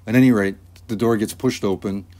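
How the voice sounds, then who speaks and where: A deep-voiced man walks through his animation storyboard in an easygoing, rambling manner. He pauses often with fillers while he describes each scene. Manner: relaxed, rambling, with many fillers. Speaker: animator and artist. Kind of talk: casual storyboard walkthrough.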